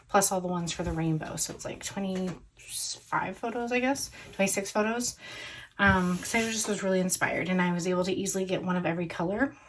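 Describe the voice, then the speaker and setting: A woman's voice: fairly low pitch, background noise. A woman casually talking through her scrapbook plan, chatty and full of little self-corrections, recorded at home at a crafting table. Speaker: scrapbooking vlogger.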